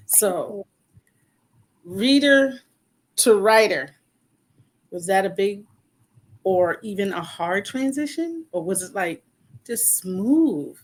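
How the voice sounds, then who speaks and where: A woman's voice: mid-range voice, animated, takes it slowly, pauses often. Woman hosting a podcast, encouraging and folksy, keeps checking in with the listeners. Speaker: podcast host. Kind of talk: podcast interview.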